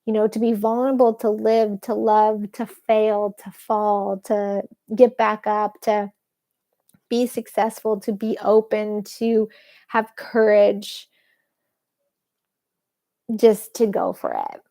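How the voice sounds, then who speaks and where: A woman's voice: mid-range voice, little pitch movement, takes it slowly, dark tone. A young woman talking unscripted in a personal vlog, rambling and candid, with casual swearing, sitting on a bed at home. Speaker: vlogger. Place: bedroom with an ocean view.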